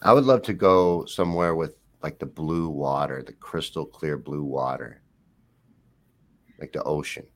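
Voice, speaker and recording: A very deep-voiced man co-hosting a podcast with easy, rambling banter. He teases and jokes in a relaxed, conversational way. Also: measured pace. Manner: playful, teasing, rambling. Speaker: podcast co-host. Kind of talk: casual joking chat.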